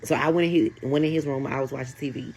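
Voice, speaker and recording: A woman tells a casual storytime. She is animated and keeps addressing her viewers directly. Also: a bass voice, quick pace, slightly rough.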